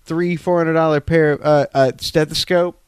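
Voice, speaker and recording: Young southern guy rambling crude on the couch, smooth clear voice, dry sound. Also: a little high, fairly even intonation, normal speed, no echo. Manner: rambling, profane, many restarts. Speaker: podcast co-host. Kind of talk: casual crude chat. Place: living room couch.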